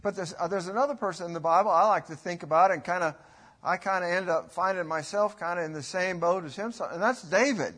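A middle-aged man preaching a sermon in a folksy, rambling way, rising to loud bursts when he quotes. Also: high voice, fast.

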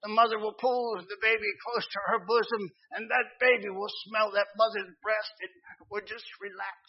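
A man's voice: high-pitched, flat delivery, normal speed, breathy edge, muffled recording. A man recalling his wise old mother. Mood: explaining. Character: wise elderly mother of nine, plainspoken.

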